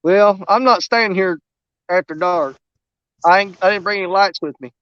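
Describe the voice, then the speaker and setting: Here a man with a high-pitched, smooth voice speaks at normal speed, chatting about fishing in a loose, folksy way. He hosts an outdoors channel and is calling in by video from a riverbank as dusk falls, the audio dry and muffled.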